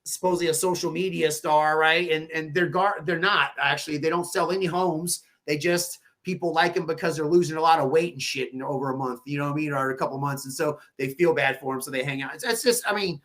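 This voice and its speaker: A man with a high voice, talking as a podcast guest. He tells stories in a loose, animated way and swears freely. He slips into lively voices when he quotes people. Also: fast talker, few pauses. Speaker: podcast guest, real estate agent. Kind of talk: casual podcast interview.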